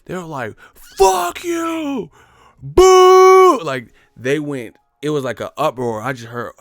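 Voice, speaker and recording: Profane, rambling male storyteller, gravelly. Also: mid-range voice, no echo, clean studio sound. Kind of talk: casual comedic storytelling monologue.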